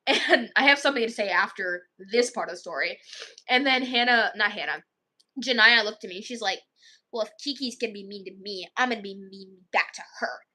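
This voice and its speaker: A woman's voice: mid-range voice, a little fast, bright, forceful tone. A young woman casually telling a story to camera, chatty and full of "like", acting out what the kids said. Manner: chatty, acts out quoted kids, many "like"s. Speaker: vlogger.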